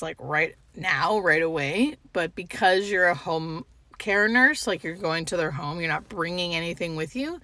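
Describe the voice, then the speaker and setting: A woman hospice nurse records a vlog from inside her parked car, close to tears. Her voice is bright with a gravelly edge, and she halts often and leans on "like" as she talks. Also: on the low side, no echo. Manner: halting, heavy use of filler "like". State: tearful, fighting back crying. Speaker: hospice home care nurse. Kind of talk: emotional vlog monologue.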